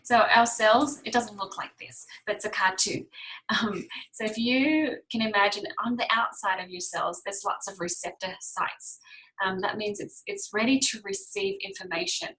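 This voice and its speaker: A woman's voice: medium pitch, moderate pace, fairly bright tone, poor audio. A woman teaching a casual online health class, explaining step by step and often checking in with her listeners.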